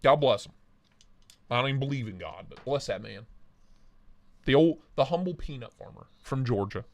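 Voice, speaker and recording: Loose, crude livestream host chatting. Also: male voice, mid-range voice, lively intonation, moderate pace. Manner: crude, joking, rambling, greets chatters by name. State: stuffed and short of breath. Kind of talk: casual live chat reading viewer comments. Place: home office.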